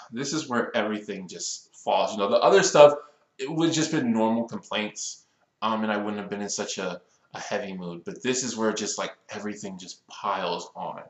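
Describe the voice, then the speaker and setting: A man in his twenties reviewing a cartoon episode in a casual rant, complaining in an exasperated, animated way that builds into outbursts. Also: fairly low pitch, echoey room, rough recording. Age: 20s.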